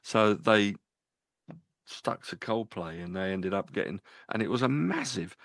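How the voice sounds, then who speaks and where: A man's voice: lowish voice, animated, measured pace, vocal fry, fairly bright tone, no echo. A man co-hosting a live radio music show, chatting casually and reeling off chart facts. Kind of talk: casual chat about albums. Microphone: studio mic.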